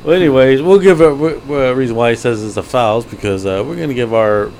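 A man's voice: medium pitch, quick pace, a little mellow. A man co-hosting a podcast, making dry, teasing comebacks. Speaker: podcast co-host. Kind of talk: casual chat. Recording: faint background hum.

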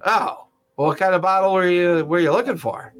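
A man acting as game master, voicing a merchant in a tabletop game with a casual, halting manner. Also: sits high, fairly bright tone, soft background music. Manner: casual, halting, laughs often.

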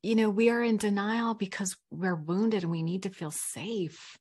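A middle-aged woman talking as a recovery coach in a casual podcast chat, frank and animated, laughing often. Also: medium pitch, normal speed, slightly rough. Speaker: guest, recovery coach and speaker.

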